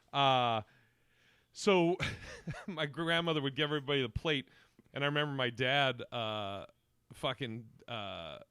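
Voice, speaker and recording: A man hosting a casual comedy podcast, telling stories in an animated way, laughing and swearing. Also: mid-range voice, smooth, no echo. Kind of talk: casual chat, storytelling.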